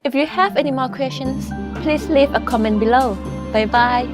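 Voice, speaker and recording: Clear, bright-voiced woman teaching slowly. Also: high-pitched, music in the background. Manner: slow, careful, clearly enunciated explanations. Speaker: Thai language teacher. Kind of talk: scripted language lesson.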